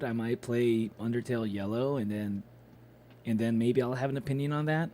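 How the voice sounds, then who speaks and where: A man's voice: medium pitch, steady tone, moderate pace, dark tone, slight background noise. A young man chatting casually with his live-stream chat, loose and swearing, with plenty of fillers.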